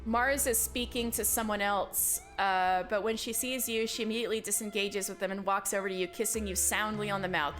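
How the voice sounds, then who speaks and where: A young woman streamer reading a story game aloud in a slow, theatrical way, breaking off for swearing asides. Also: mid-range voice, steady tone, fairly bright tone, faint music behind. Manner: reads dialogue slowly and dramatically, swears and laughs in asides. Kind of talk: reading a visual novel game aloud with commentary.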